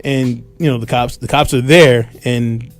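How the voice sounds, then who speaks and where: A man hosting a radio talk show, telling a long story in a casual, animated way and acting out what people shouted, on a studio microphone. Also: mid-range voice, measured pace, faint music behind.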